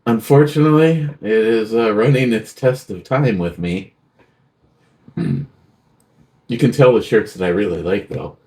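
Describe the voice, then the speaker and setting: A man's voice: fairly low pitch, unhurried, pauses often, a little mellow. A man co-hosting a casual beer show, recounting stories in an easygoing way with bursts of quoted exclamations. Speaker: co-host of a beer review show. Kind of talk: casual banter, storytelling.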